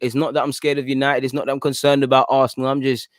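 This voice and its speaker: A young watchalong host speaks quickly in a flat, medium-pitched voice, commenting on a football match like a chatty fan and pleading with the players and referee during play. There's no echo in the recording.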